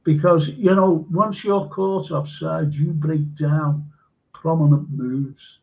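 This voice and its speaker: A man's voice: on the high side, steady tone, slow pace, gravelly, muffled recording. A man hosting a live stream, chatting casually about football with blunt, emphatic verdicts and lots of fillers.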